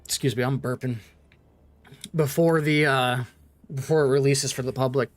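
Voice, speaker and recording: A man's voice: medium pitch, fairly even intonation, moderate pace. Laid-back man chatting over gameplay. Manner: laid-back, joking, talks through his plans. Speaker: gaming streamer. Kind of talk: casual gameplay commentary.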